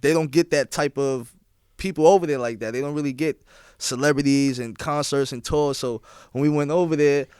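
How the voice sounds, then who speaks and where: A young man talks in a smooth, clear voice at an average pitch, sounding close and dry. He tells his stories in relaxed street slang and keeps checking in with the listener. He is a DJ guest on a casual podcast. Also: a little fast, no echo. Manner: laid-back slang, repeats "you feel what I'm saying". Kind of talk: casual podcast interview storytelling.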